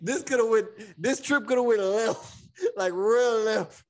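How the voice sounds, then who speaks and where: A young man co-hosting a podcast, telling a story casually and acting out his friends' lines with loud outbursts and laughter. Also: extremely high pitch, unhurried. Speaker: podcast co-host.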